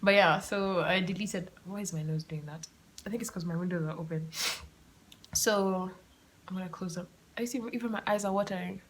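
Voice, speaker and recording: A young woman hosting her own podcast, telling a story in a chatty, animated, self-mocking way. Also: lowish voice, a little fast. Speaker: podcast host. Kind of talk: casual solo storytelling. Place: room at home with the windows open.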